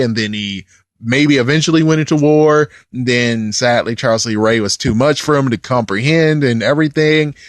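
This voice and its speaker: Man, casual movie reviewer, exasperated, repetitive, swearing, mid-pitched voice, dry sound. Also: no echo. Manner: exasperated, repeats himself, swears freely.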